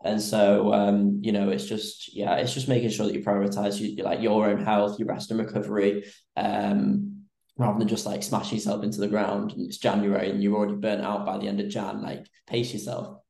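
A young adult man, a fitness coach, chatting casually on a podcast in a relaxed, rambling way with many fillers. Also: on the low side, brisk, gravelly. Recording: roomy echo.

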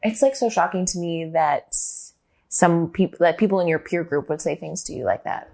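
Husky, gravelly woman interviewer. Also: on the low side, moderate pace, a little mellow. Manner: engaged, affirming listener. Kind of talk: interview conversation.

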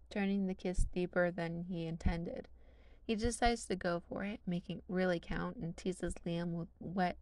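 A woman's voice: lowish voice, a little mellow, no echo. A woman narrating a fan fiction story in a casual, wry reading style.

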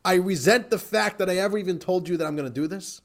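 An exasperated middle-aged professor, as a man puts him on bursts out loud and high, well above the teller's own voice, with a gravelly edge. He rants at full force. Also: very fast. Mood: indignant. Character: indignant middle-aged male professor, fed up.

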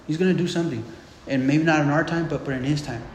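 A man's voice: fairly high pitch, fairly even intonation, fast talker, slight background noise. A man preaching a casual, conversational sermon, often repeating words and checking in with "right?". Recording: echoey hall with long reverb.

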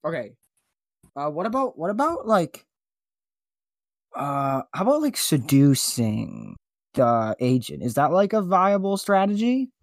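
A man hosting a comedy podcast, goofy and flustered, his voice jumping up high when he panics. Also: very animated, a little slow, long pauses, no echo, studio quality. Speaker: podcast host. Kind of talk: comedic casual chat.

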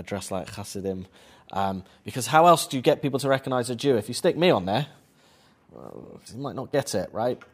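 A man giving a conversational public lecture on film, quizzing the audience as he goes. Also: medium pitch. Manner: chatty, quizzes the audience with questions.

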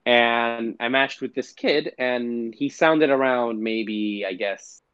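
A man's voice: mid-range voice, slow pace, smooth, no room sound. A man, co-hosting a podcast in casual chat and telling stories with lots of swearing. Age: 20s. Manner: animated storytelling, mimics gamers with profanity. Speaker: podcast co-host. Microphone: podcast microphone. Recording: dull lo-fi sound.

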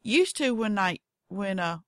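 A podcast host with a Southern accent tells goofy, folksy stories in a casual monologue, even acting out her cats in different voices. Her medium-pitched voice has lively intonation and a slightly slow pace, captured in studio quality with no echo.

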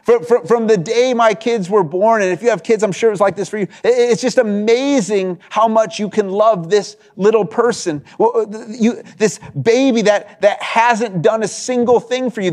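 A man's voice: high voice, darkish tone. A man in his thirties, a pastor giving a sermon in a conversational storytelling way, full of restarts and asides asking "right?".

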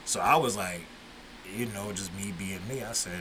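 A man's voice: sits low, moderate pace, background noise. A man hosting a podcast, telling stories in a laid-back, profane, casual way. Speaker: podcast host.

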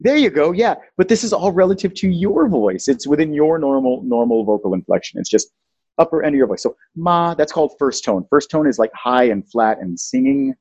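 A man's voice: mid-range voice, expressive, brisk, mellow, husky, no room sound, highs cut off. A man hosting a casual talk show, playfully explaining language and singing out example tones. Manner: playful, teaching, sings out tones. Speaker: podcast host.

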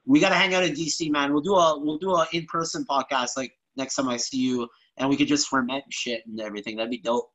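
A man's voice: medium pitch, fairly even intonation, quick pace, few pauses, fairly bright tone, highs cut off. A man hosting a casual podcast, laid-back, swearing freely and calling people "bro". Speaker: podcast host.

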